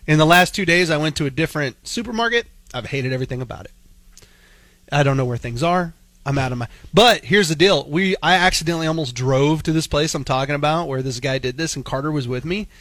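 Forty-ish male radio host, crisp tense tone, dry close sound, rambling animated storyteller. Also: fairly high pitch, quick pace, no echo. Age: 40s. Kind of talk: casual storytelling on morning radio.

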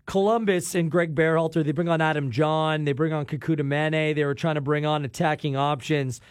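A man hosting a studio sports show, talking through match highlights with enthusiasm. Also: fairly even intonation, brisk, no echo. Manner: enthusiastic, upbeat. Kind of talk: studio sports analysis chat.

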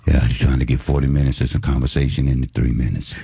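A man's voice: a bass voice, steady tone, fast talker, gravelly, dark tone, breathy edge. A man co-hosting a radio talk show, laid-back and slangy with a caller. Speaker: radio co-host.

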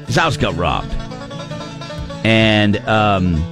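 A man's voice: on the low side, expressive, drawn-out words, over music. A man hosting a radio morning show, chatting playfully and joking with co-hosts. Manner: playful, joking, with many fillers and laughs. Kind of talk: casual chat.

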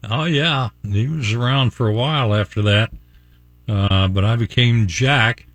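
A man's voice: mid-range voice, unhurried, a bit bright, dry recording. An older man from Virginia hosting a morning radio show, telling a rambling story and chuckling often. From Virginia, USA. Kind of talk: chatty on-air storytelling. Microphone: studio mic.

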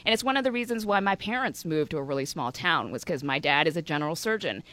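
Animated woman with a light Southern accent. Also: deep voice, quick pace. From Alabama, US. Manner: giggly, animated storyteller. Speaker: news anchor guest. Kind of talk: casual podcast chat.

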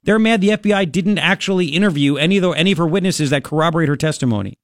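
A man's voice: on the high side, racing, hardly any pauses, no room sound, studio quality. A man hosting a talk radio show, ranting in a sarcastic, mocking and exasperated way. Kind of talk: opinionated talk radio monologue. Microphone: studio microphone.

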